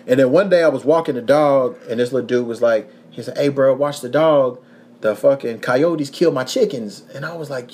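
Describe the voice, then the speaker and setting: A young man from Kentucky hosts a casual podcast at an ordinary, mid-range pitch. He tells stories in a loose, profane, animated way, laughing as he goes. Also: fairly quick. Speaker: podcast host.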